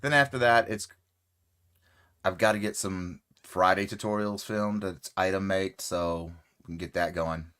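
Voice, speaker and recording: A man hosting a casual crochet livestream, rambling relaxed and friendly with many fillers and greeting viewers by name. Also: deep voice, clean tone.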